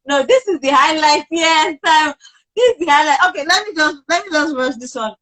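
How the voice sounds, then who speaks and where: A woman hosting a casual conversation, enthusiastic, with quick affirmations. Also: high-pitched, fairly bright tone, rough recording. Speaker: host.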